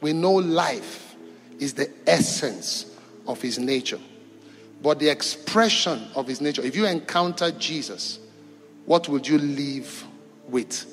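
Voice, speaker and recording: A man preaching a sermon to a congregation, rising to loud calls and dropping to quiet, drawn-out phrases. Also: fairly high pitch. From East Africa. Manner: call-and-response preaching, shifting between loud and quiet. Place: church hall. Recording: echoey church hall with music behind.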